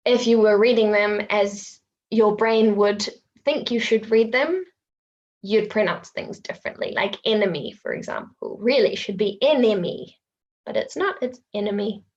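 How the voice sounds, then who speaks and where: Patiently saying words over so learners can imitate them, a woman with a New Zealand accent runs an online webinar on English pronunciation. Her mid-range voice is gravelly, and the audio is dull.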